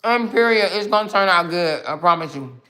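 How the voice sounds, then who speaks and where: A woman's voice: on the low side, lively intonation, brisk, sharp tone. A woman hosting a casual livestream who reads out viewer comments, snacks as she talks, and answers back in a sassy, mocking way. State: snacking while talking. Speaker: livestream host.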